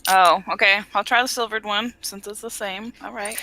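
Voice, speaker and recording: A woman's voice: medium pitch, steady tone, normal speed, pushed and bright, slight background noise, low-quality recording. A woman playing a tabletop game, joking and laughing often. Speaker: player. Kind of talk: casual tabletop play.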